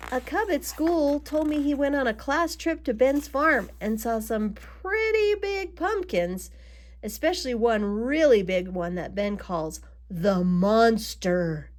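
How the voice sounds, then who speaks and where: A woman's voice: on the high side, expressive, slow pace. A woman voicing a young boy bear cub in a storybook reading, hesitantly passing on news. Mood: telling.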